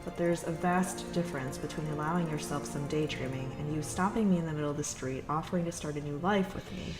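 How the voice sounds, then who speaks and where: A woman voicing a reserved young male guard captain, measured and polite. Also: low-pitched, close to an everyday voice. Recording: echoey room with music.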